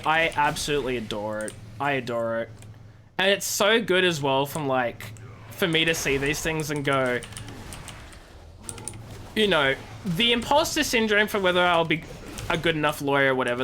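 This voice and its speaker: A woman's voice: sits low, a bit bright, slight background noise. A young woman in her twenties, a streamer and law student, chatting animatedly and amused while she plays a game. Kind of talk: casual chat while gaming.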